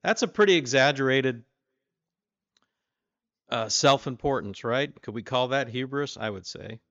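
A man's voice: unhurried, no room sound, dull audio. Man preaching a conversational Bible talk. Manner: conversational, asks the listeners questions; voices the king boastfully, louder and higher. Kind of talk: informal sermon with scripture reading.

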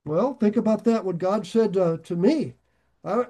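An older male pastor preaching in a high, lively voice. He talks folksy and plain, dropping jokes between scripture readings and swelling suddenly louder on key points. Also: measured pace. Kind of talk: sermon.

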